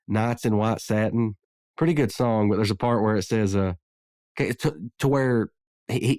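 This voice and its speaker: A man's voice: on the low side, darkish tone, no echo, clean studio sound. A man hosting a podcast in casual chat, rambling with many restarts and fillers. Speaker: podcast host.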